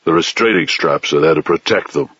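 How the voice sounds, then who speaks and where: A man doing a cold, very deep-voiced boss. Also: fairly quick, breathy edge, no room sound, exaggerated voice. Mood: coldly matter-of-fact. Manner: flat, businesslike, unapologetic. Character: big cold calculating man who runs child telepaths. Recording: dull lo-fi dry audiobook recording.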